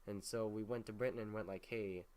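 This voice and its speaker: Brief: young male host, lowish voice, rambling, swears a lot, loose casual history recap. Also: steady tone, quick pace, a little mellow. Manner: rambling, profane, heavy use of filler words.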